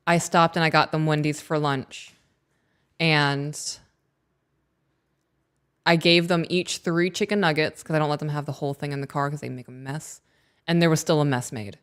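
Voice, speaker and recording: A woman co-hosting a podcast, chatting casually and telling family stories in an animated way. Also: deep voice, clear, resonant tone. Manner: chatty storyteller, animated retelling. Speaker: podcast co-host. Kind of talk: casual chat.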